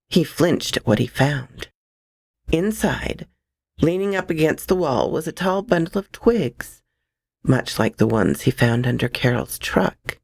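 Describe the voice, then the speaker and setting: A woman reading a horror story aloud, expressive and dramatic, close to the microphone. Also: rumbling low, vocal fry, dry recording.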